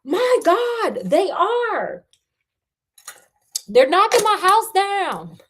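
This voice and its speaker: A woman's voice: big pitch swings, slow pace, full character voice. A woman voicing a flustered young Englishman who yelps in alarm while reading a storybook aloud. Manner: yelping, shrill alarm.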